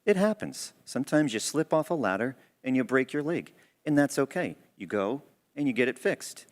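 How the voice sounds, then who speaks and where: A man speaks to a church congregation in a conversational, earnest way. His pitch sits in an ordinary middle range. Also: sing-song, normal speed. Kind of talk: sermon storytelling.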